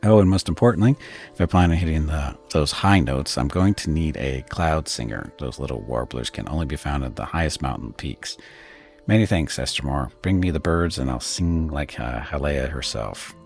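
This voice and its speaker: Brief: a man reading a quirky, self-assured little Orlan chanter for a fantasy game, very deep and gravelly, swinging up and down. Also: lively intonation, normal speed, a little mellow, faint music behind, exaggerated voice. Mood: eager. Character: small eccentric male Orlan singer, cheerful and self-assured.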